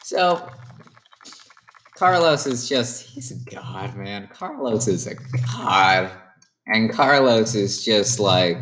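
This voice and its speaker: A woman casually retelling the plot of her own improvised series, rambling with deadpan asides. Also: very deep voice, slow pace. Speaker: series creator recapping an episode.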